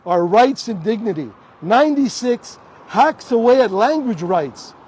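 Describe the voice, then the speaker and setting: A man's voice: very high voice, lively intonation, measured pace, darkish tone, breathy edge. A middle-aged man from Toronto with a Canadian English accent, giving an impassioned speech outdoors in front of a hospital and repeating rallying slogans. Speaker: rally speaker. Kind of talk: public protest speech.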